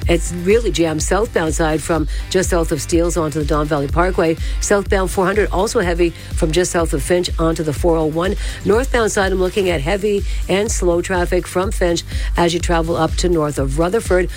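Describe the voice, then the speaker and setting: A woman giving a brisk, matter-of-fact radio traffic report. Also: lowish voice, a little mellow, soft background music.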